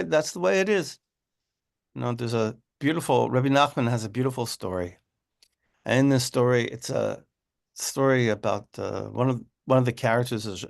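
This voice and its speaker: A man giving an informal, animated class talk on a religious text, repeating words and often asking "right?". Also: medium pitch, vocal fry.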